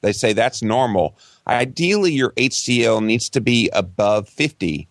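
A man's voice: medium pitch, lively intonation, a little slow, no room sound, studio quality. A man speaking as a guest on a casual podcast, explaining health numbers eagerly. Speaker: podcast guest, nutrition expert.

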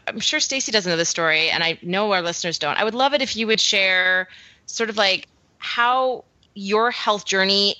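A woman from Canada with a softened Canadian accent, hosting a podcast in casual, chatty talk full of "like" and "um". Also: medium pitch, no room sound, lo-fi sound. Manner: chatty, filler-heavy, laughs often. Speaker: podcast host. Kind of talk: casual chat.

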